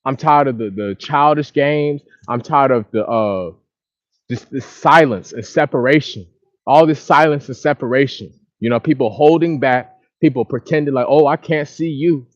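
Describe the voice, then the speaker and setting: A man talks into his phone outdoors by the water, venting at length in a frustrated, repetitive way. His voice sits at a middle pitch. The sound is dull and lo-fi, with almost no room echo. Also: normal speed. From Dallas, Texas. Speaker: vlogger. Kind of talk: casual outdoor monologue to a live chat. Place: outdoors by a lake or river.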